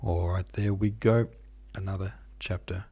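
Low, husky male reader. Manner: steady, measured reading. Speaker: podcast host and reader. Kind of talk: audiobook narration.

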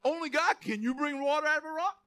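A male pastor preaches with an animated, joking manner, reading scripture aloud. His voice sits very high and sounds bright and sharp. Now and then he bursts into a shout on quoted lines. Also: fast. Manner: animated, jokey asides, reads scripture aloud. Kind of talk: sermon.

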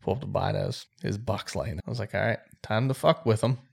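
A man in a garage casually telling a hunting story, animated, acting out quotes and laughing often. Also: fairly low pitch, a little fast, gravelly, husky. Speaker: podcast co-host.

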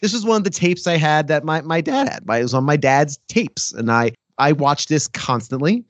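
A man co-hosting a movie podcast with a slightly high, animated voice. He tells stories with easy laughter. The sound is close and dry. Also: normal speed, dry recording. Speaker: podcast co-host. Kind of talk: casual movie podcast chat.

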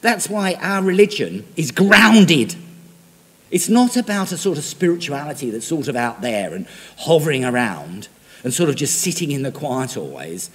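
A man delivers a sermon in a chatty, animated way, often turning to his congregation with questions. His voice sits fairly high and swings widely in pitch. A long reverb from a large hall trails after his words. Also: normal speed, slightly rough. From Britain. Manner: animated, conversational preaching with direct questions to the congregation. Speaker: preacher.

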